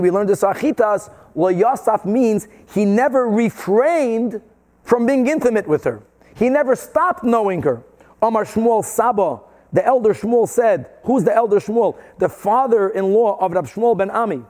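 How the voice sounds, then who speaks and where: A man with a high voice leads a daily Talmud class. He reads each Aramaic or Hebrew phrase, then translates it into English, and he poses questions to his listeners as he goes. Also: a little mellow. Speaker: Talmud teacher. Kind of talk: daf yomi Talmud class.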